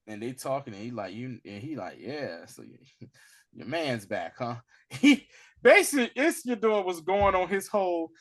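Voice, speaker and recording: A man hosting a casual recap podcast. He retells scenes with gusto, dropping into slangy impressions of each character's lines. His voice sits in an ordinary middle pitch. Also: big pitch swings, moderate pace, a bit bright. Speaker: podcast host.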